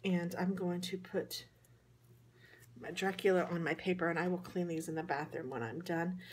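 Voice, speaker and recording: A woman's voice: lowish voice, steady tone, normal speed, darkish tone, slight background noise. A woman from the American Midwest with a Midwestern accent, chatting casually through a card-making tutorial in a hotel room, rambling and poking fun at herself. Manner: chatty, rambling, self-deprecating. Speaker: craft vlogger.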